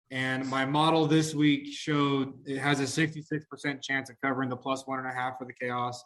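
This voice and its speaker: A man appearing as a podcast guest, calmly walking through betting statistics in a casual chat. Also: medium pitch. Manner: steady, walks through stats.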